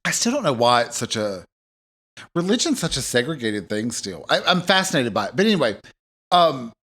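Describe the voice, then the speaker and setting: A man's voice: mid-range voice, big pitch swings, moderate pace, fairly bright tone. A man co-hosting a podcast, chatting casually in an amused, rambling way with lots of fillers. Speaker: podcast co-host. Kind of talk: casual chat.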